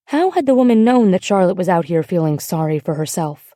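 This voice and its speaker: A woman reading an audiobook in a measured, gentle way. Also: fairly low pitch, big pitch swings, no room sound, clean studio sound. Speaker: audiobook narrator. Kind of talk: scripted audiobook narration.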